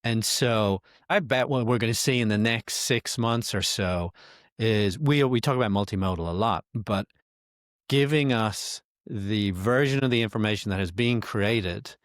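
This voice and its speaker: A man's voice: lowish voice, a little slow, no echo, clean studio sound. A man co-hosting a podcast in casual chat, explaining his points thoughtfully with frequent restarts. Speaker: podcast co-host.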